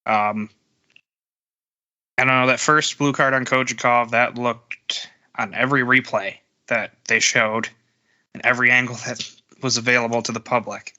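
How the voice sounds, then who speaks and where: A man with a medium-pitched voice and a sharp, bright edge co-hosts a sports podcast. He talks casually, retelling game moments with animated energy. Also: normal speed, highs cut off. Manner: storytelling, animated recounting. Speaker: podcast co-host.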